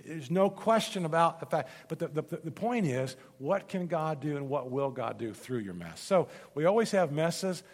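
A man's voice: fairly high pitch, expressive, moderate pace, hardly any pauses, long reverb tail. A man preaching a sermon as pastor, telling stories with frequent stammered restarts. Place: church sanctuary.

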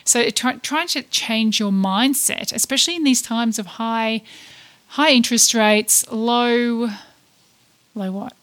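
A woman's voice: a little high, unhurried, a bit bright. A woman, co-hosting a podcast in casual chat, giggly and often searching for her words. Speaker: podcast co-host.

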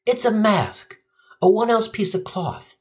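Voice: mid-range voice, lively intonation, unhurried, darkish tone. A comedian telling a profane, sardonic stand-up story. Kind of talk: stand-up routine.

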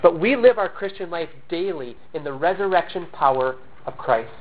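A man's voice: fairly high pitch, expressive, moderate pace. A man preaching a sermon, earnest and emphatic, with self-deprecating humorous asides, still recovering from a cough. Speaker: pastor. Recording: tinny phone-like sound.

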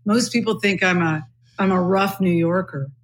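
A middle-aged woman from California hosting a podcast, with a low textured voice. She thinks aloud in casual chat, full of fillers. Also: normal speed. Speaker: podcast host.

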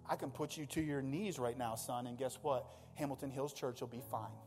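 A man's voice: medium pitch, fairly even intonation, moderate pace, darkish tone, long reverb tail, soft background music, lightly acted. A man voicing God the Father as a firm, fatherly, reassuring male deity.

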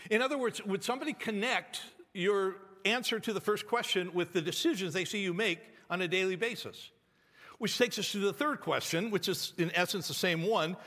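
A man's voice: high-pitched, a bit bright, big-room sound. A man preaching a sermon as pastor, talking in a conversational, pleading way with many restarts and repeated words. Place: church sanctuary.

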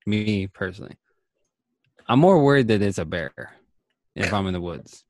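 A man's voice: on the low side, expressive, normal speed. A man in casual chat, cutting in with joking, skeptical remarks.

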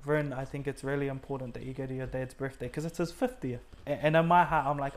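The speaker is a man of medium pitch with fairly even intonation, talking quickly with hardly any pauses. A New Zealander and a guest sharing his faith testimony, he tells the personal story earnestly in conversation, using many fillers and acting out what people said, himself included.

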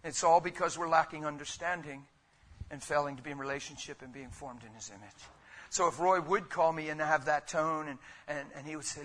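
A man preaching a sermon in a conversational, rhetorical way, with sudden loud bursts. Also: fairly high pitch, fairly quick. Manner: conversational, calls listeners "man" and "guys". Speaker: pastor.

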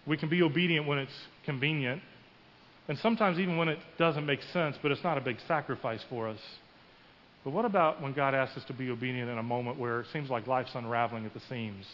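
A man's voice: mid-range voice, fast, slight background noise. A man preaching a sermon in a church, telling a story and acting out the quoted voices with rising emphasis. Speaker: pastor. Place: church sanctuary. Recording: muffled with long hall reverb.

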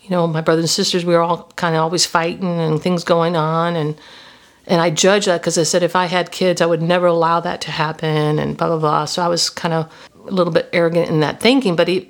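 Host, woman in her fifties, low flat gravelly voice, confessional faith storytelling. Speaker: podcast host. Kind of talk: reflective Christian teaching.

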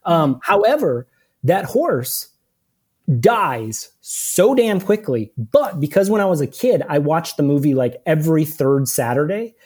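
A man's voice: fairly high pitch, sing-song, measured pace, a little mellow, breathy edge. Casual podcast man, talks in loose rambling runs with lots of restarts. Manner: rambling, many restarts and repeated words. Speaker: podcast co-host. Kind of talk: casual chat.

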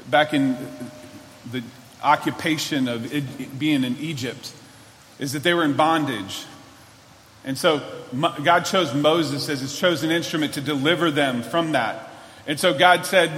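A male pastor preaches in a high, bright voice and keeps his talk earnest and conversational, restarting his sentences often. His voice rings out with the long reverb of a large church hall. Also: unhurried. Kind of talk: sermon.

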